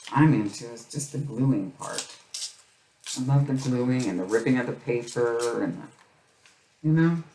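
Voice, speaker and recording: A woman's voice: very deep voice, dark tone, recorded from a distance. A middle-aged woman hosting a crafting video, chatting casually and rambling, often repeating her phrases as she works. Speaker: crafting channel host. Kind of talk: casual chat while crafting. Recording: roomy, set back from mic, faint noise.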